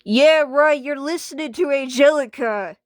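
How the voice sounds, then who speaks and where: A woman's voice: sits high, unhurried, no room sound, clean studio sound. A woman playing the boss in a homemade skit, patient but firm and scolding.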